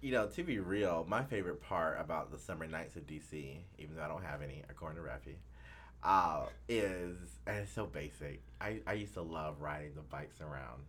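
A man co-hosting a casual chat, playful and teasing, with a husky voice. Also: rumbling low, a little fast. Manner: playful and teasing, with lively swings. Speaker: podcast co-host.

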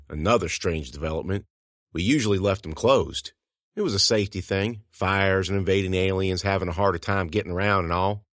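A man narrating a first-person audiobook in an expressive, suspenseful way. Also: fairly low pitch, no room sound, studio quality.

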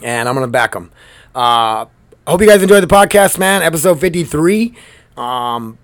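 A man's voice: on the high side, animated, normal speed, dry recording. Casual rambling male podcast host. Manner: loose, rambling, profane, upbeat. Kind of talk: casual solo podcast chat. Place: storage room at work. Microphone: laptop microphone.

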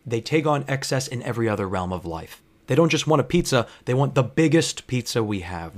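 A man, a bartender, telling a long personal story from work. He swears freely, wanders off into digressions and pauses to reflect on how he acted. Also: medium pitch, expressive. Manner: digressive, profane, self-reflective.

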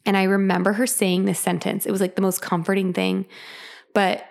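A young woman tells a personal story in a loose, chatty way, scattering fillers as she goes. Her voice has a gravelly edge and sits at an ordinary pitch. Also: brisk. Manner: chatty, many "like" fillers, animated retelling. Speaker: podcast host sharing her story. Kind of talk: casual storytelling.

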